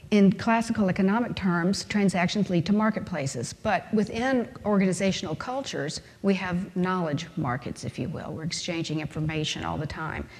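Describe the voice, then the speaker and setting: Speaking in a lecture hall, a woman with a fairly low, darkish voice delivers an emphatic conference talk. She relies on rhetorical questions and ordinary examples, and the room gives her speech a long, ringing reverb.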